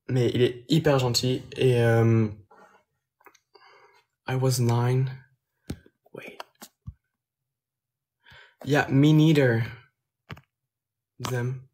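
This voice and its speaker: A man's voice: mid-range voice, darkish tone. A young man with a Belgian French accent, reading viewer comments aloud on a phone live stream and answering them casually in English and French.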